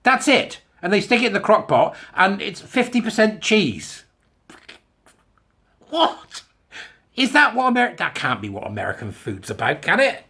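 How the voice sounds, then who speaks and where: A man's voice: high voice, sing-song, brisk, vocal fry, hardly any pauses, pushed and bright, breathy edge. A man giving a chatty, self-mocking video monologue to camera. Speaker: online commentator. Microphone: camera mic.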